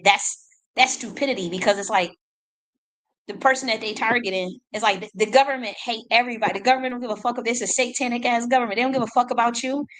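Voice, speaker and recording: On a rough recording, an independent artist rants in a medium-pitched, fairly bright voice. She's blunt, profane and combative, with rapid repetitions.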